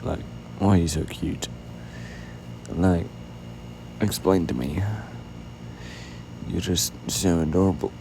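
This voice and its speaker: A tired man yawning constantly while speaking softly and sweetly as a doting boyfriend in a whispered role-play, drifting into whispers. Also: sits low, steady tone, takes it slowly, gravelly, pauses often, noisy background. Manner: soft-spoken, affectionate, drifting into whispers.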